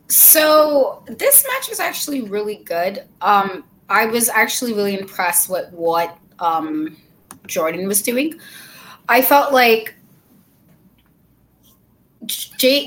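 Giggly woman, slightly high voice. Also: animated, takes it slowly, a bit bright, slight background noise. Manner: laughs often, easygoing and playful. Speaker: podcast co-host. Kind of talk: casual wrestling recap chat.

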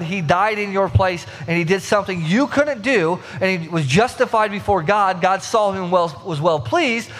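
A young man preaches in a loose, conversational way, slipping into the voices of the people in his stories. His voice sits a bit high for a man. A long reverb trails behind him, as in a church sanctuary. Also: fairly bright tone. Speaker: pastor. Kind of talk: sermon.

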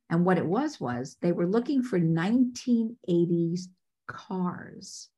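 A woman casting director telling stories in a podcast interview, lively and acting out the voices of people she quotes. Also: lowish voice, a little slow, breathy edge. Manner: animated, acts out quoted voices.

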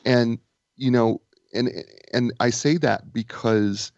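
A man co-hosting a casual talk show and author of a book, telling stories with animated repetition and false starts. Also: medium pitch, slow pace, no echo, highs cut off. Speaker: podcast co-host and author. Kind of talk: casual chat.

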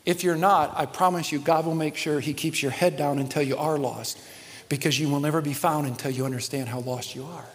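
A man preaching a sermon as pastor, swinging from hushed, earnest passages to loud, animated ones. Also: a little high, brisk. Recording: long reverb of a large hall.

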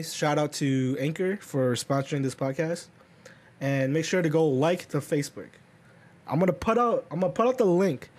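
A young man with a high, husky voice co-hosts a casual podcast. He tells rambling stories and swears freely. His voice sits high for a man and has a breathy, rough edge. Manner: rambling storytelling, swears a lot. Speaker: podcast co-host. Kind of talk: casual chat.

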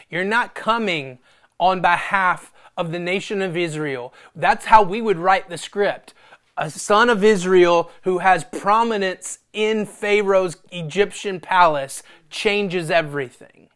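A man preaching a sermon, animated and self-deprecating, acting out conversations between God and Moses. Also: high-pitched, takes it slowly. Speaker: pastor.

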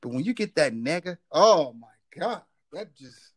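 A man from the US East Coast co-hosting a casual chat, animated and profane, joking and slipping into mocking voices. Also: on the high side, normal speed, low-quality recording.

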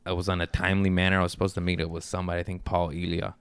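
Male comic co-host, smooth low voice, dry close sound, animated casual storyteller. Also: racing, no echo. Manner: animated storyteller, jumps into high-pitched voices for quoted people. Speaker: podcast co-host, comedian. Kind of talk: casual chat.

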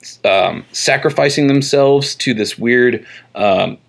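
A man co-hosting a podcast, casually retelling a comic story in a rambling way and dropping into quick voices for the characters. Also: mid-range voice, vocal fry. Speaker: podcast co-host. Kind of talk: casual chat recapping a comic book. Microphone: tabletop mic across from co-host.

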